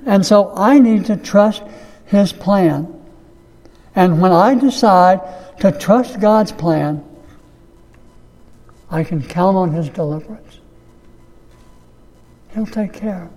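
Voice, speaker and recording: A pastor delivering a sermon, preaching slowly and emphatically, repeating key phrases. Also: male voice, high voice, a little mellow, long reverb tail.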